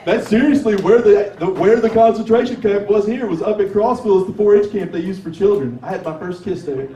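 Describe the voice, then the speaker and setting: A man's voice: high-pitched, fairly quick, mellow, lo-fi sound. A man from Tennessee with a Southern accent, doing open mic stand-up in a drawling, conversational way and swearing freely. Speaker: stand-up comedian. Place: sports bar with a light crowd. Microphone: 360 camera from across the room. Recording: echoey bar from far off.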